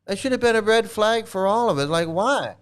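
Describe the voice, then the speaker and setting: Give me a man with a smooth, high voice hosting a casual monologue, emphatic and sarcastic. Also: lively intonation, fairly quick. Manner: emphatic, repeats himself, sarcastic. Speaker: host.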